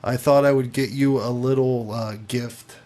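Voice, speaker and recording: A man's voice: mid-range voice, fairly even intonation, unhurried, a little mellow. A man joking in a dry, offhand way on a casual podcast. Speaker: podcast co-host.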